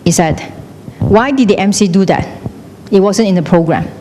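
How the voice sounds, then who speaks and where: A middle-aged woman teaches a class at a normal speed, her mid-range voice mellow and expressive. She often asks the students questions and mixes English with Chinese, recorded with long hall echo and a trace of noise.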